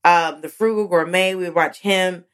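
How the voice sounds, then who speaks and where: A woman comedian, a guest in a studio, chatting casually. Her speaking voice sits on the low side, and she tells stories with plenty of animation, jumping up in pitch whenever she acts out a moment. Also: unhurried. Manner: animated storyteller, swoops high when acting out moments. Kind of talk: casual interview chat.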